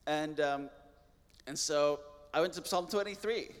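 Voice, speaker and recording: An earnest man tells his testimony as a missionary guest, his slightly high voice ringing with a long hall reverb. He talks plainly and restarts words now and then. The tone stays sincere throughout. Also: unhurried, clear, resonant tone. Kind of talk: personal testimony storytelling.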